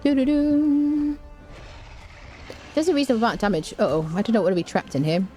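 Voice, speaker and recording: A woman's voice: mid-range voice, animated, rapid-fire, darkish tone, faint music behind. A woman hosting a let's play, chatting casually as she plays and humming little tunes between remarks. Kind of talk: casual gameplay commentary.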